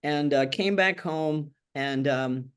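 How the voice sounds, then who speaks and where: In an oral history interview, an older Tennessee woman recounts her life with frank, wry candor, speaking slowly in a deep, clear, resonant voice. She acts out the voices of the people she quotes.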